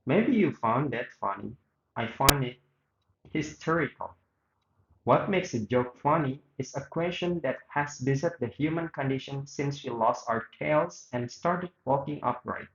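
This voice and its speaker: Guy reading an interview script out loud, stumbles a bit, echoey room, kinda muffled. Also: medium pitch, expressive, a little slow. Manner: reads a script aloud with small slips and restarts. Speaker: student reading both sides of a radio interview. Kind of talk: read-aloud interview reenactment.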